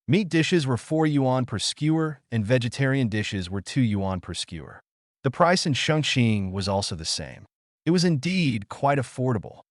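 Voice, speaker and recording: A man narrating a scripted story recap with steady storytelling and a lively up-and-down voice. The sound is dry and close, with no room around it. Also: medium pitch, dry recording.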